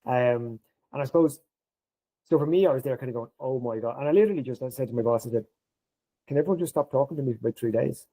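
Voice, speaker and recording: A fast-talking middle-aged Irishman with a medium-pitched voice, heard on a rough recording, shares an anecdote during a podcast interview. He animates it by playing out the lines of the people in the tale.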